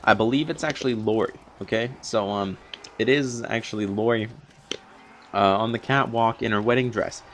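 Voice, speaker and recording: A man's voice: on the low side, normal speed, fairly bright tone, slight background noise. A young man recapping a TV episode in a long, rambling unscripted review, full of fillers and restarts. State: a little out of breath from long talking.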